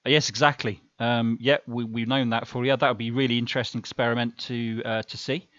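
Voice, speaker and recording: A man's voice: mid-range voice, level tone, quick pace, a bit bright, dry recording, dull audio. A man hosting a casual live stream, rambling along with many fillers and restarts.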